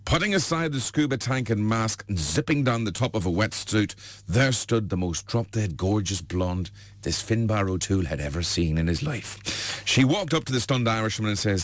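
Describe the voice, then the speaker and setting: A man's voice: lowish voice, expressive, moderate pace, dry recording. A man telling long jokes, passed off as true stories, in a rambling way full of fillers. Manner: rambling, filler-heavy, chuckling. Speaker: joke teller.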